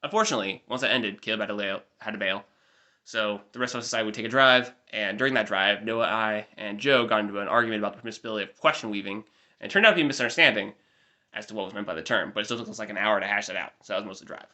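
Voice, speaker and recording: A young American man in his twenties rattles through a casual diary-style update at a quick clip. His voice is bright and forward, and he wanders off into chatty, self-mocking asides. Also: lowish voice. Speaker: vlogger.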